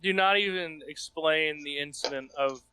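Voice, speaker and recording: A man's voice: a little high, normal speed, sharp tone, slight background noise. A young man who is a podcast regular, speaking emphatically and dramatically, with swearing, over a call. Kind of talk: casual chat.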